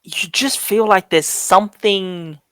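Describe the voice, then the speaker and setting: A man narrating as dungeon master in a rambling way, often pausing to search for words with lots of fillers. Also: sits high, a bit bright, clear, resonant tone, no echo. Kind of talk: narrating a tabletop game.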